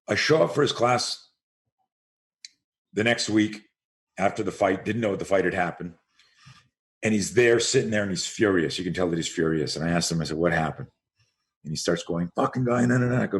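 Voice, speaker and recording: A man's voice: sits low, normal speed, long pauses. A man in his sixties, a self-defense coach guesting on a podcast, telling stories with energy, acting out the voices he quotes and repeating words as he restarts a thought. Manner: animated storyteller who acts out quoted voices. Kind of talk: storytelling interview.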